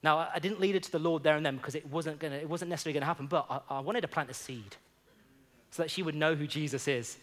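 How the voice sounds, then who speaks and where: A man's voice: on the high side, very fast, fairly bright tone. A man preaching a sermon, telling a personal story and then urging the congregation on with rising fervor. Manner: storytelling that builds into fervent exhortation.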